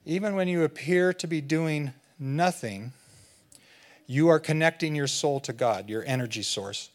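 A man filling in as guest preacher, giving a conversational sermon and slowing down to stress key phrases. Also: fairly high pitch. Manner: conversational, slows down for emphasis.

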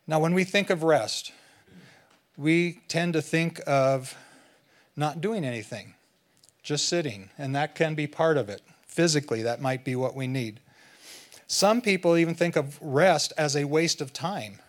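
A man filling in as guest preacher, giving a conversational sermon and slowing down to stress key phrases. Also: on the high side. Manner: conversational, slows down for emphasis.

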